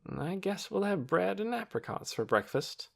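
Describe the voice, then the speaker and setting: A man voicing a weary, kindly middle-aged woman doctor who speaks slowly. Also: high voice, very animated, vocal fry, fairly bright tone, voice pushed up, full character voice. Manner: weary and slow.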